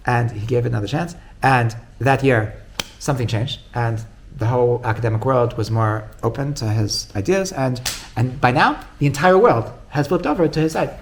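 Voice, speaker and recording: Gravelly-voiced rabbi giving a casual class. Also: male voice, mid-range voice, moderate pace, few pauses, a little hiss or hum. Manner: conversational, retells stories with quoted dialogue. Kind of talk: informal Torah class lecture.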